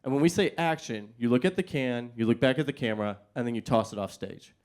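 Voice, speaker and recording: Brisk commercial director, acted by a male comedian, businesslike and quick. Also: mid-range voice, voice pushed down, close to an everyday voice. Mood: instructive.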